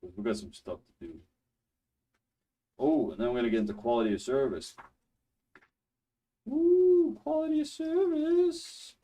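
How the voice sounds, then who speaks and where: A rather low male voice in a laid-back, chatty study-stream delivery, talking from home. He rambles with easy laughs and restarts, pitched to a viewer audience. The mic sits a bit away from him, so the sound has some distance. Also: animated, fairly quick, long pauses, mellow. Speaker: streamer teaching a networking course. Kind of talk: casual study stream talk. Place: his home.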